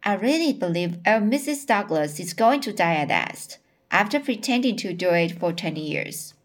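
A woman's voice: mid-range voice, lively intonation, moderate pace, lightly acted. A woman voicing a country man who delivers news solemnly with dry humor.

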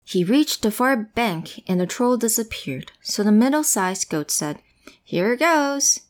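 A woman's voice: mid-range voice, animated, a little slow, a little mellow. A woman reading a storybook to a child, playful and full of questions. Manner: playful, asks questions, switches languages. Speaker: bilingual storyteller.

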